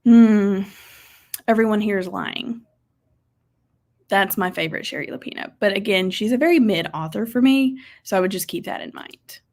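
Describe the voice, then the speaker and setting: A young woman hosting a casual livestream, reading viewer comments aloud and reacting brightly. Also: medium pitch, moderate pace. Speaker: livestream host.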